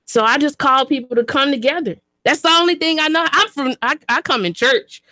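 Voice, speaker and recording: A high-pitched woman, talking into a studio microphone on her own radio show. She speaks with emphatic, preacher-like repetition. The sound is close and dry. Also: fairly quick, bright, forceful tone, dry recording. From Chattanooga, Tennessee, US. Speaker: radio show host and community activist. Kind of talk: impassioned talk radio monologue.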